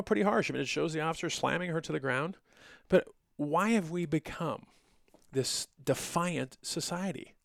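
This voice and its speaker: Man, middle-aged, podcast host, gravelly voice, sarcastic lecturing tone, dry close sound. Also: mid-range voice, dry recording. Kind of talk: solo podcast commentary.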